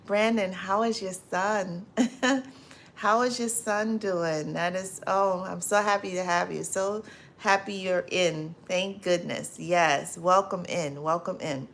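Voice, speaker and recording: A woman hosts a casual livestream, greeting viewers and reading out their comments. Her voice sits a little low and she talks at an unhurried pace. She breaks into loud laughter often and repeats her phrases. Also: fairly even intonation, creaky, slight background noise. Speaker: livestream host.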